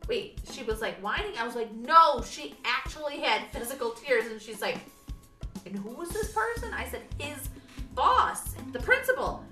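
Woman co-host, expressive storyteller, bright and lively, distant roomy sound, faint music. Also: high-pitched, moderate pace. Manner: expressive storyteller acting out quotes. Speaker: podcast co-host. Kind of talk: casual chat.

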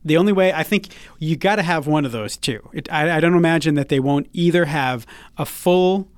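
Higher-voiced guy chatting on a podcast, lively and laughing a lot, dry close mic. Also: no echo. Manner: animated, quick to laugh, reads quotes in a put-on voice. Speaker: podcast co-host. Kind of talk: casual podcast chat.

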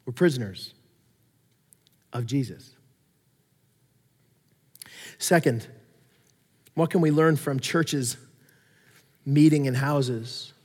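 A man preaching a sermon, telling stories with animated swings between loud emphasis and quiet asides. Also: medium pitch, very slow, long pauses, breathy edge, long reverb tail. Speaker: pastor.

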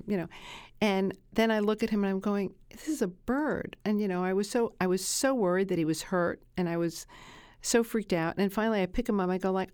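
A woman's voice: medium pitch, darkish tone, clear, resonant tone, no room sound, studio quality. A woman researcher being interviewed, telling anecdotes and acting out quoted dialogue in a conversational way. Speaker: animal researcher guest.

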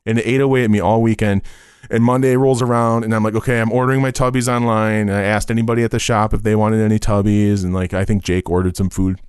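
A man's voice: fairly low pitch, little pitch movement, fast, darkish tone, smooth, no echo, clean studio sound. A man telling stories in a casual podcast chat, rambling with many fillers and swearing freely.

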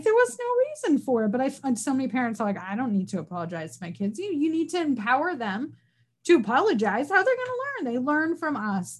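A woman hosting a podcast, talking casually with emphatic, candid remarks. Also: high-pitched. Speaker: podcast host. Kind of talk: casual chat.

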